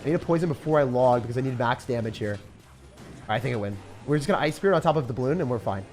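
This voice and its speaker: Excitable young man streaming gameplay. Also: mid-range voice, fast. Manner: excitable, jokey, loud outbursts and laughter. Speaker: gaming streamer. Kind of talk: live gameplay commentary.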